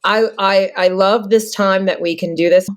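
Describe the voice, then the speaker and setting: A woman's voice: mid-range voice, fairly even intonation, moderate pace. A woman hosting a podcast, chatting in an easygoing, appreciative way. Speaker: podcast host. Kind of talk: casual chat.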